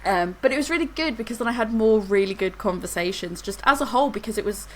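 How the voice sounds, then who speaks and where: A woman's voice: a little high, expressive, fast talker, slight background noise, rough recording. A woman, co-hosting a podcast and telling a rambling story in casual chat. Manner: rambling storyteller, laughs through anecdotes. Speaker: podcast co-host.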